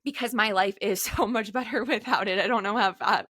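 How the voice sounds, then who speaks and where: A woman's voice: medium pitch, brisk, fairly bright tone, no room sound. A woman in her late twenties hosting a podcast, talking in a candid, heartfelt way and filling her speech with "like.". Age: late 20s. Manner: candid, heartfelt, frequent "like" fillers. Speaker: podcast host. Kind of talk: casual chat.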